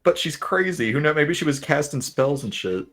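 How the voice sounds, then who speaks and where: A man's voice: a little high, expressive, normal speed, fairly bright tone. A man playing in an online tabletop game, talking loosely with lots of fillers. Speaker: player. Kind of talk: casual chat during an online tabletop game.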